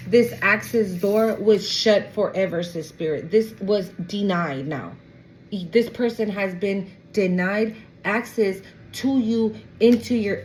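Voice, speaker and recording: Animated woman giving a tarot reading. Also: mid-range voice, slight background noise, rough recording. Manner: animated, profane, exclaiming, acting out quoted people. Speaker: tarot reader. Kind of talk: casual tarot reading to camera.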